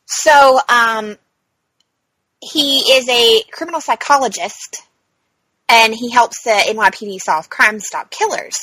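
A woman's voice: on the high side, slow pace, pushed and bright, no room sound, poor audio. A woman co-hosting a podcast, talking casually and rambling about new TV shows, laughing easily. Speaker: podcast co-host. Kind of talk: casual TV chat.

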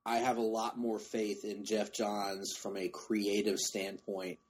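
A man's voice: on the low side, flat delivery, slow pace, slight background noise. A man hosting a podcast, chatting casually and restarting sentences as he goes. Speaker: podcast host. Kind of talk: casual chat.

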